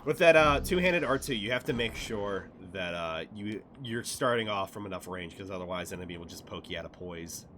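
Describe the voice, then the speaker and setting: Man, game streamer, casual commentary, swearing, very bright voice, faint background hiss. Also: on the low side, a little fast, few pauses. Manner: profane, excitable, laughing often.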